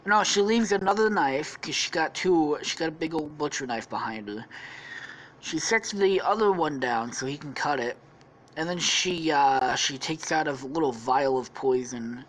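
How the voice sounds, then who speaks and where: A woman with a fairly low voice hosts a podcast and spins a silly story. She rambles, swears freely and keeps backtracking to fix details. Her tone is loose and offhand, in the style of casual comic storytelling. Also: normal speed, poor audio. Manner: rambling, profane, full of self-corrections. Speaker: podcast host.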